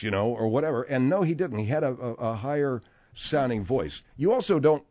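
A man's voice: mid-range voice, lively intonation, a little fast, warm tone. A man hosting a talk radio show, rambling with lots of restarts and asides. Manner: rambling, many fillers and restarts. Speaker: radio host.

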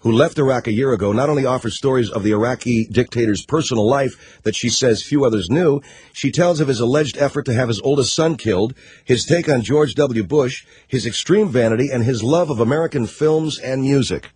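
A man's voice: mid-range voice, brisk, a little mellow, breathy edge, dry recording. A man hosting a talk radio show, riffing sarcastically and mockingly on news stories.

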